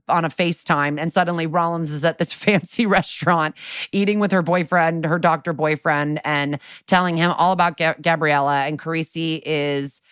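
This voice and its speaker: A woman's voice: fairly low pitch, a bit bright, clear, resonant tone, no room sound, clean studio sound. A woman co-hosting a podcast, casually recapping a TV episode in a chatty way, laughing often, swearing, and quoting characters in her own voice. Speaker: podcast co-host.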